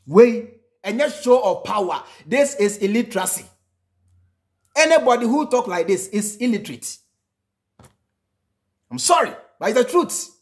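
A man's voice: very high voice, expressive, measured pace, long pauses. A Ghanaian man hosting a reaction video, commenting emphatically and repeating lines for effect, sometimes half-singing.

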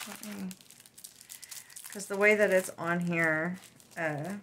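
A woman's voice: fairly low pitch, steady tone, slight background noise, poor audio. A woman vlogger chatting casually and gushingly as she unboxes gifts. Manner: warm, gushing, unhurried.

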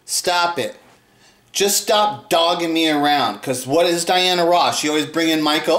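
A man's voice: expressive, normal speed, fairly bright tone, reverberant. A man ranting angrily in commentary, swearing and repeating himself, his voice rising when upset. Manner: angry, profane, repeats himself, voice jumps high when upset. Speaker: video host.

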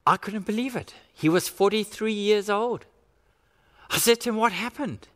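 A man's voice: sits high, normal speed, fairly bright tone. A man preaching a sermon as pastor, earnest and acting out the quotes he reads. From Australia. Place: church. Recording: church hall reverb.

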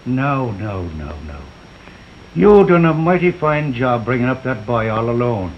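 An actor playing a jovial middle-aged neighborhood policeman in a 1930s film, chuckling warmly and barking orders at crowds. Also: mid-range voice, very animated, a little slow, muffled recording, slight background noise.

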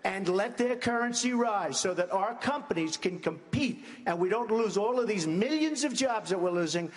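Guy at a debate stage, kinda high voice, keeps repeating himself, long hall echo. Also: lively intonation, moderate pace. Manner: emphatic, repetitive, talks over interruptions. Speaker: presidential debate candidate. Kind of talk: debate answers.

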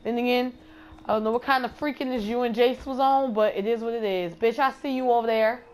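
A woman's voice: a little high, fairly even intonation, a little fast, darkish tone. A woman streamer commenting on her gameplay in a casual, profane, trash-talking way. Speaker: gamer streamer.

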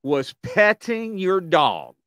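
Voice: mid-range voice, huge pitch swings, slow pace, a bit bright, no room sound, clean studio sound. A host asking incredulous follow-up questions in a casual interview.

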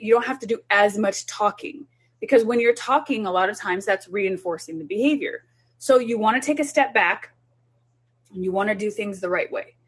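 A woman's voice: medium pitch, husky. A woman who is a child development specialist, talking parents through a group session in an earnest, instructive way.

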